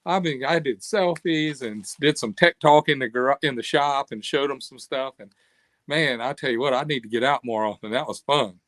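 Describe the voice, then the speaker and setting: In a casual interview, a cam company owner, an older man, tells stories with animation and voices the people he quotes. He talks at a moderate pace and medium pitch, on a dry, close recording.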